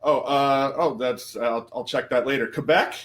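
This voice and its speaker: A man's voice: medium pitch, moderate pace, fairly bright tone, a little hiss or hum. A man doing comic variety patter on a livestream, in a goofy, joking manner. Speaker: comedy variety performer.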